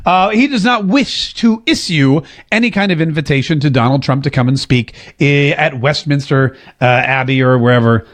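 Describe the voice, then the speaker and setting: A man's voice: on the high side, normal speed, hardly any pauses, a bit bright. Emphatic man hosting a talk show. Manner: emphatic, repeats phrases for effect. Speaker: political commentary host. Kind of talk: opinionated podcast monologue. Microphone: seated at a desk mic.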